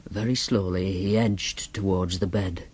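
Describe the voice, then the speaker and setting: A man with a Northern English accent narrating an audiobook in a deadpan, matter-of-fact manner. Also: deep voice, measured pace, slightly rough. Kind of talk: first-person audiobook narration.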